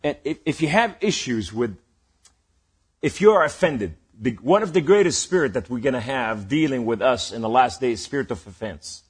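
A man's voice: mid-range voice, expressive, normal speed, slightly rough. A man preaching a sermon in a rambling, emphatic way, building to calls to the listeners. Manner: rambling and emphatic, rising to exhortation.

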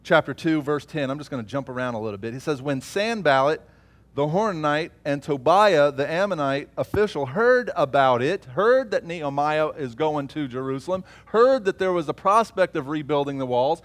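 A man preaching a sermon, swinging from loud emphatic peaks to low murmured asides. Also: animated, normal speed.

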